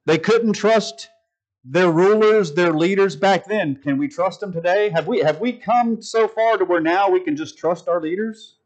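A man preaching a sermon to a live congregation, calling them folks and stressing key words with long pauses. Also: high-pitched. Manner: addresses listeners as folks.

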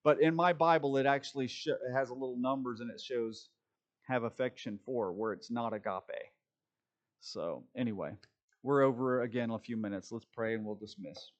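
A man's voice: medium pitch, lo-fi sound. A man leading an informal Bible study, thinking aloud as he looks up verses and closing with a short prayer. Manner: halting, thinks aloud while leafing for verses.

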